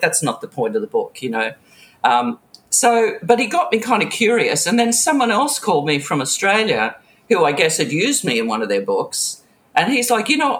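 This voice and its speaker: A woman's voice: low-pitched, a bit bright. A middle-aged woman telling stories from her music industry career in a casual interview. She laughs often and drops into quoted voices. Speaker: author and music industry veteran.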